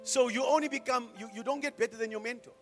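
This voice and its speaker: A middle-aged man preaching a sermon as a pastor, firing off rhetorical questions and swinging from hushed to loud. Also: extremely high pitch, fairly even intonation, quick pace, faint music behind.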